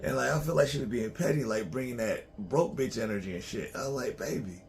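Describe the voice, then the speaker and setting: Gravelly man in a rambling monologue. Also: medium pitch, a little fast. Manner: loose, profane, laughs often. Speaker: vlogger.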